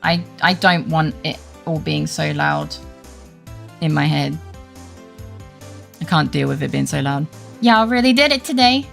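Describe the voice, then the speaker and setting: Brief: woman streamer, casual rambling chat, vocal fry, faint game music under her. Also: low voice, level tone, unhurried, long pauses. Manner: rambling, self-deprecating, mumbling asides. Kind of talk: casual gaming livestream chat.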